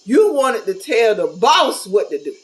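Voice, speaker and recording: A woman's voice: a little high, sing-song, unhurried, poor audio. A middle-aged woman talking casually to camera, candid and blunt, with a folksy, preachy manner. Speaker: vlogger.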